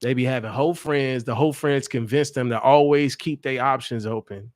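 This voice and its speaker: A man's voice: mid-range voice, a little fast, no room sound. A young male dating coach talking straight to his viewers in a loose, casual livestream. He is blunt and profane and breaks into laughter often. His voice sits in a middling range, and the sound is dry, with no room around it. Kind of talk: casual livestream chat to camera.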